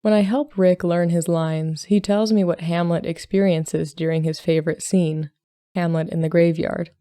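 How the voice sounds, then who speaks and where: Woman podcast host, calm measured narration, mellow dark tone, dry close sound. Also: fairly low pitch, clear, resonant tone, no room sound. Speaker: podcast host and story reader. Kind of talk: scripted narration.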